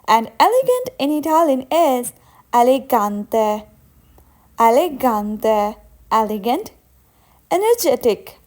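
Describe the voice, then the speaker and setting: Casting note: young woman, high and slow, a patient teacher who repeats each word twice. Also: a little mellow. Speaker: language teacher. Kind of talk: vocabulary lesson with slow repetition.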